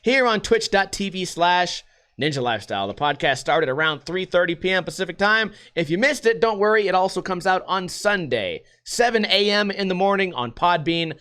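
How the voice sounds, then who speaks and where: A man's voice: high voice, lively intonation, moderate pace, sharp tone, clear, resonant tone. A man hosting a casual solo livestream podcast, rambling sarcastically and swearing freely. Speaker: podcast host.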